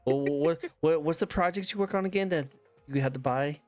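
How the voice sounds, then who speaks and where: A man's voice: a little high, a little fast, darkish tone, no echo, faint music behind. Casting: man, talk show host, playful banter, laughs often, dry close sound. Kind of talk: casual interview chat.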